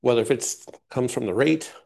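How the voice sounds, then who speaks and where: A man's voice: mid-range voice, normal speed, vocal fry, a little mellow. A man speaking during public comment at a town council meeting, rambling with loose phrasing and frequent fillers. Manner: rambling, loose, many "you know" fillers and restarts.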